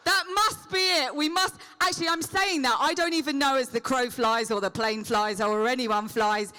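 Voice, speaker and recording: A woman with a high voice teases a live convention crowd in quick comic banter. Her tone is bright and forceful, and she speaks into a handheld microphone from the stage. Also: slight background noise. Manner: teasing, playful comic patter. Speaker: celebrity convention guest.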